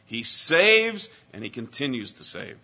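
A man preaching a sermon to his congregation, emphatic, with dramatic pauses and slowed, stressed phrases. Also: medium pitch, sing-song, sharp tone, slightly rough. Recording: dull lo-fi sound.

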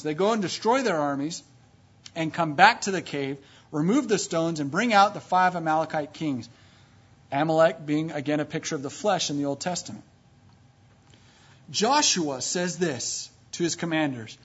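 A man preaching a sermon, emphatic, swinging from low and quiet to loud and high, retelling scripture stories. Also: moderate pace, husky. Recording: dull lo-fi recording.

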